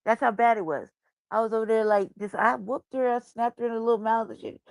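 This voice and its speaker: A woman with talks loosely and animatedly, swearing without a filter and sliding into soft baby talk. Her voice sits a bit high and is recorded close and dry, with no room sound at all. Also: fairly even intonation, fast, gravelly, no room sound. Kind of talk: casual profane chat.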